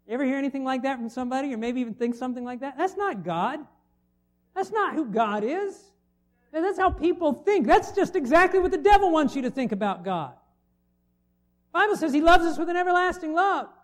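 A man's voice: very high voice, animated, brisk. A middle-aged man preaching a sermon, conversational and full of rhetorical questions to the congregation. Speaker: pastor.

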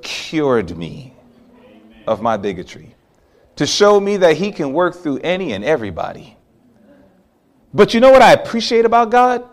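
A man preaching a sermon, telling a personal story with animated swings from hushed asides to loud exclamations. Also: mid-range voice.

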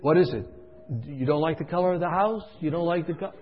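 A man's voice: a little high, a little fast, in a large hall, pitched above the performer's own voice, close to an everyday voice. A man doing his startled old dad. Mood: bewildered. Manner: bewildered, questioning. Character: startled older father woken at night. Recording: dull lo-fi recording.

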